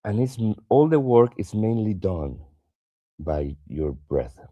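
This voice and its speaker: A very deep-voiced man leads a morning stretching class. His cues are calm and instructive, and his voice sinks soft and low when he stresses a word. Now and then he stops on fillers while he explains a point. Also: slow pace, muffled recording. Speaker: yoga and somatic practice teacher.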